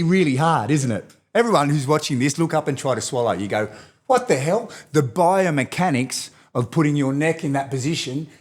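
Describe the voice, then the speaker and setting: An Australian man talking as a podcast guest and movement expert, energetic and animated, coaching the host as he explains. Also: mid-range voice. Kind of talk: enthusiastic podcast interview talk.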